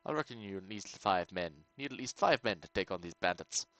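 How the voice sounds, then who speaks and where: Worried game townsman voiced by a man, put-on accent, measured, coaxing, lowish voice. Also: animated, a bit bright, poor audio. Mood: persuasive. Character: worried townsman hiring a stranger to rescue his brother. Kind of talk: reading game dialogue aloud.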